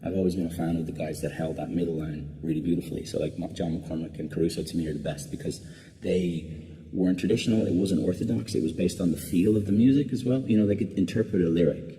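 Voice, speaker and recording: A man's voice: sits low, fast talker, warm tone. A man, a singer being interviewed, answering casually and rambling with lots of restarts and "like" fillers. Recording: long reverb.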